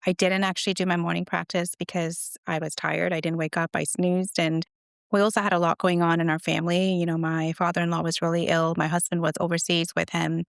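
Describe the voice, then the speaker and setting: A woman's voice: on the low side, flat delivery, fairly quick, creaky, clear, resonant tone, dry recording, clean studio sound. A middle-aged woman, a guest author, telling stories in an earnest, reflective way during an interview. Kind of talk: conversational interview.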